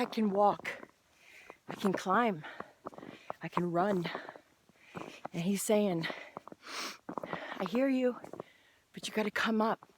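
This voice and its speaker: A woman giving an earnest, encouraging personal devotional talk outdoors on a hillside trail, speaking slowly and with emphasis. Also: medium pitch, darkish tone, a little hiss or hum. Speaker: Christian vlogger sharing faith.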